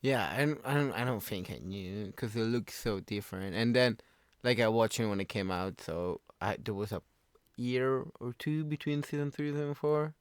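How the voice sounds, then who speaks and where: A man co-hosting a podcast who speaks quietly and hesitantly in casual chat. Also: mid-range voice, normal speed, smooth, dry recording. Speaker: podcast co-host.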